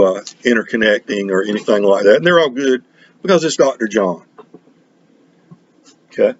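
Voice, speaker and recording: A middle-aged man from North Carolina, chatting casually on his record vlog in a halting, rambling way full of restarts. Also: on the low side, highs cut off, slight background noise. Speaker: record collecting vlogger. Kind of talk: casual chat.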